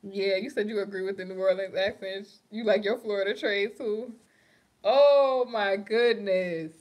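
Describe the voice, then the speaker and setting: Animated New York woman chatting live. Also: medium pitch, fairly quick. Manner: animated, laughs often, slangy. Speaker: livestream host. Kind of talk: casual livestream chat reading comments.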